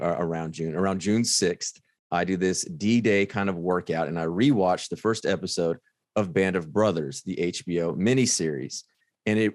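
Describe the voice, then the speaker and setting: Very deep-voiced rambling male host. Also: no echo, clean studio sound. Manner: rambling, enthusiastic, many fillers. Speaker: podcast host. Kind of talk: casual podcast interview.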